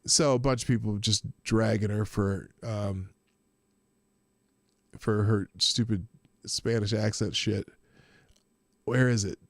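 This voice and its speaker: Guy doing a podcast rant, slow delivery, laughs a lot, dry sound. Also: fairly low pitch, steady tone, no room sound. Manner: laughs often, incredulous. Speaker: podcast host. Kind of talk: casual mocking commentary.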